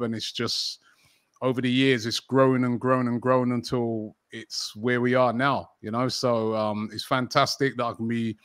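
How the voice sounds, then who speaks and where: Brief: middle-aged London man, talkative interview guest, mid pitch, dry close mic. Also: a bit bright, clear, resonant tone, dry recording. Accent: London English. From England. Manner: chatty, frequent fillers and restarts. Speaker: football channel host, interview guest. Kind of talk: casual interview conversation.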